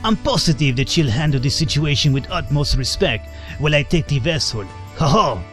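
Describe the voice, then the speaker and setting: A man's voice: a little high, lively intonation, brisk, faint music behind, natural voice. A man voicing a boastful male French rival explorer in a clumsy put-on French accent while reading game dialogue aloud. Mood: smug.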